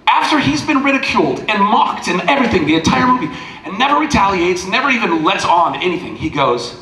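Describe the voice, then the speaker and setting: A man in his forties speaks as a guest on a fan convention panel, his voice bright, forceful and a little high for a man. He rambles through heartfelt stories with restarts and tangents. The sound comes through a panel mic in a roomy, echoing hall with faint background noise. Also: very animated, a little fast. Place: large convention panel room.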